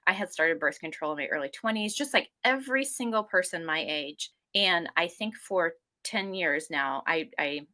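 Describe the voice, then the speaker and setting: A woman's voice: fairly low pitch, normal speed, hardly any pauses. A woman in her forties telling her health story in a casual interview, rambling and acting out what others said to her. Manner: rambling, animated, acts out quoted people.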